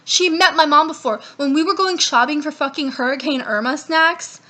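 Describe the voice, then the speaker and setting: A young woman talks straight to camera in a casual storytime vlog, her voice pitched high and sounding bright and clear. She rambles through a long personal story, swears freely and acts out the lines of everyone involved. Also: moderate pace. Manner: profane, rambling, animated retelling with quoted dialogue. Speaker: vlogger.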